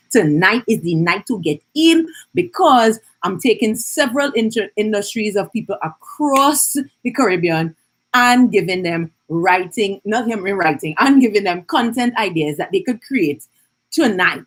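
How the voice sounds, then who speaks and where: A woman teaches on a live stream, chatty and personable, often tossing in "right?". Her voice sits at a middle pitch and has a husky, slightly rough edge. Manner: chatty, keeps checking in with "right?". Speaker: business coach hosting an Instagram live. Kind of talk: live-stream teaching with viewer shout-outs.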